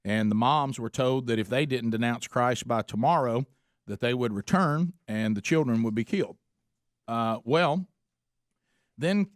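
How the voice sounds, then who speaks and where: A man's voice: mid-range voice, dry recording, studio quality. A middle-aged man hosting a radio talk show, telling stories in an earnest, conversational way full of "uh" fillers. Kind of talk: talk radio chat and storytelling. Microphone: studio microphone.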